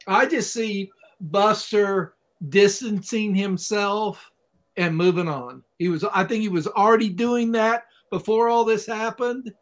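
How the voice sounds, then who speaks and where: A man from Oklahoma, a guest expert on a podcast, speaking in an unhurried way with folksy images. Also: high-pitched, fairly even intonation. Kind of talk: casual chat.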